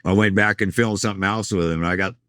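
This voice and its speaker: Low-voiced man telling road stories. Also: fairly even intonation, fast, fairly bright tone, dry recording, studio quality. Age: middle-aged. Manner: rambling anecdotal storyteller, acts out quoted lines. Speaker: tour manager and guest. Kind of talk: casual storytelling interview.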